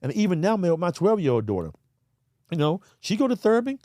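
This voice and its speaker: A man's voice: high-pitched, big pitch swings, fast talker, warm tone, dry recording, studio quality. A man, telling his story in a candid interview, earnest and heartfelt, calling the host "man" and "bro". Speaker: podcast guest.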